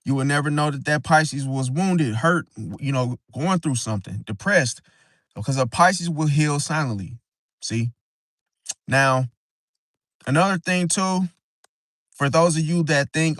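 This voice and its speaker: A man's voice: medium pitch, a little slow, a bit bright, no room sound. A man hosting an astrology livestream, talking in an emphatic, preachy way and often tagging "see?" onto his points. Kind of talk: casual livestream talk.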